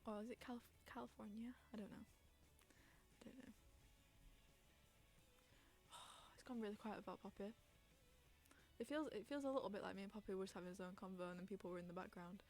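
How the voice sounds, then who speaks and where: A woman's voice: medium pitch, fairly even intonation, brisk, pauses often, a little mellow, soft background music. A young woman hosting a casual chat podcast on stream, rambling, giggling and reading out chat messages.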